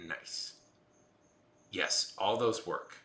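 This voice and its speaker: A man's voice: sits low, extremely slow, pushed and bright, roomy sound. A man hosting a casual live chat, rambling with many restarts and fillers. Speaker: livestream host.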